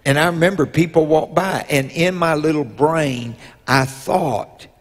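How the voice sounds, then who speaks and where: Bishop, slow unhurried storytelling sermon, husky tone, echoing sanctuary. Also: male voice, a little high. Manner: slow storytelling with drawn-out pauses; rises to loud emotional peaks. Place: church sanctuary. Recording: long reverb in a church hall.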